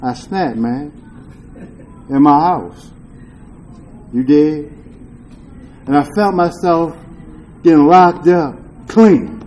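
A man's voice: a little high, slow, long pauses, mellow, a little hiss or hum, rough recording. A man sharing his story at a recovery meeting, talking in loose street slang with swearing and a frequent "you dig?", earnest and confessional. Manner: earnest and confessional, with rueful laughs. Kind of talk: candid testimony share.

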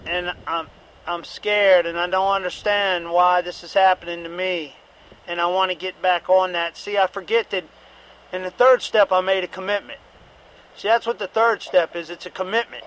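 High-voiced middle-aged man, candid testimony. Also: level tone, moderate pace, a bit bright, low-quality recording. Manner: candid, repetitive, occasionally profane. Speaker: recovery meeting speaker. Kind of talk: personal testimony.

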